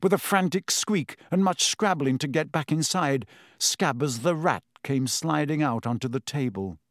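A man narrating an audiobook in a measured, steady storytelling manner. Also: fairly high pitch, dry recording, clean studio sound. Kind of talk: scripted narration.

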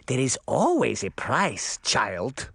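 A man's voice: medium pitch, huge pitch swings, slow pace, gravelly, fairly bright tone, husky, no echo, exaggerated voice. A man voicing a crusty old female witch with a thick Russian accent, mocking and relishing her threats.

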